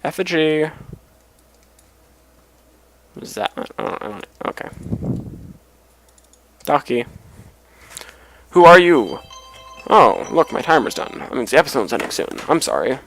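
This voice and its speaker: A man's voice: mid-range voice, sing-song, moderate pace, creaky, long pauses, fairly bright tone, a little hiss or hum, low-quality recording. A tired man casually rambling as he comments on a game he is playing, with mumbled asides. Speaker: let's play host.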